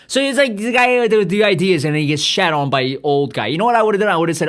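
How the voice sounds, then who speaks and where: A man's voice: sits high, animated, quick pace, few pauses, fairly bright tone. A man podcast host doing a rambling comedic monologue, swearing constantly and losing his train of thought.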